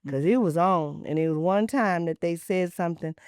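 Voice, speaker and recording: A woman in her sixties hosting a talk show, telling stories in an animated, preachy way with lively vernacular asides. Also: lowish voice, moderate pace, clean tone, no room sound, clean studio sound. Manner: animated, preachy storytelling with Southern Black vernacular. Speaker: podcast host. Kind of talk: casual talk show chat.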